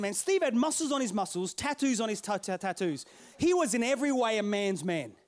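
A middle-aged male pastor telling a story in a sermon, playful and animated, calling out to his congregation. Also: very high voice.

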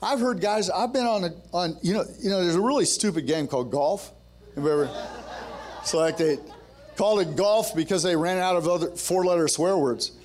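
High-voiced man preaching fervently. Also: a little fast, a little mellow, a faint crowd. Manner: storytelling that builds to fervent, rousing exhortation; joking, conversational asides. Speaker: preacher at a men's ministry gathering. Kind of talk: sermon.

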